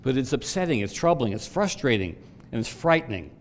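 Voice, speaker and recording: A man preaching a sermon, swelling to loud emphatic peaks and dropping to quiet asides. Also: mid-range voice, sing-song, brisk, a little hiss or hum. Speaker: pastor.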